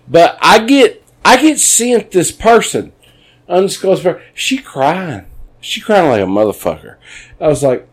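A man's voice: fairly high pitch, a little slow. A man telling rambling, profane stories in a casual podcast chat. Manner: rambling, profane, animated storyteller.

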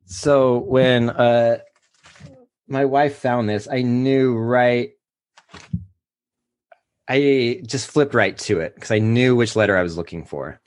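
A man's voice: mid-range voice, no echo. A man in his thirties speaks candidly on a podcast, sometimes catching himself as emotion rises. His voice sits dry and close to the mic, with no room sound. He comes across as open and unguarded. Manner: candid, emotional, halting when moved. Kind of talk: casual podcast chat.

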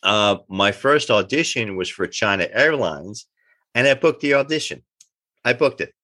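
New man telling lively acting stories. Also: lowish voice, moderate pace, no room sound. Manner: animated anecdotes, acts out quoted dialogue. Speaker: actor guest. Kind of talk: casual interview storytelling.

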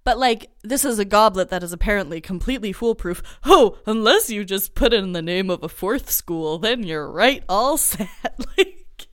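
A woman co-hosting a casual podcast chat, emphatic and quick to laugh. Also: medium pitch, animated. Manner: emphatic, frequent fillers and laughs. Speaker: podcast co-host.

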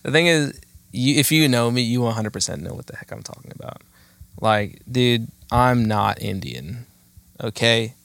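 A man's voice: mid-range voice, lively intonation, normal speed, vocal fry, a bit bright, dry recording. Man, 30s, podcast host, dry close sound, rambling, self-deprecating, casual chat. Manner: rambling, self-mocking, many fillers.

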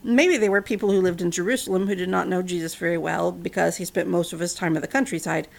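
A woman's voice: on the low side, fairly even intonation, quick pace, creaky. A woman casually retelling a Bible story, mixing narration with chatty, wry asides and fillers.

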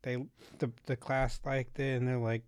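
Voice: medium pitch, flat delivery, normal speed, a little mellow, clean tone. Laid-back, joking friend in a chat. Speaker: friend in conversation. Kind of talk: casual chat.

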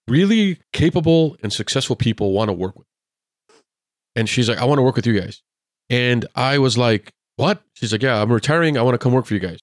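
A man's voice: medium pitch, dry recording, clean studio sound. A man, a former police officer and podcast guest, telling casual stories and acting out the lines of the people in them. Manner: acts out quoted dialogue in lively anecdotes. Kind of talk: casual storytelling in conversation.

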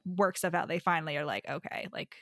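A woman's voice: on the low side, fairly even intonation, brisk, fairly bright tone, no room sound, clean studio sound. A woman co-hosting a casual book chat podcast, talking loosely and candidly with frequent fillers and casual swearing. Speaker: podcast co-host.

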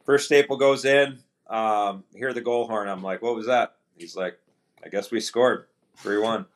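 A middle-aged man, a retired hockey player, telling stories as a podcast guest in a relaxed, anecdotal way and acting out quoted dialogue. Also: lowish voice, a little slow. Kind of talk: casual storytelling interview.

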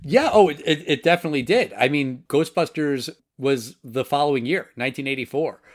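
Measured man hosting a film podcast. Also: a little high. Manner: measured, explains things, asks his co-host questions. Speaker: podcast host. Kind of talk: casual film review chat.

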